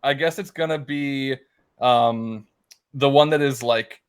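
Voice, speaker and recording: In a casual tabletop session, a man mulls over his turn with plenty of ums and hesitation. He speaks slowly in a smooth, mid-range voice.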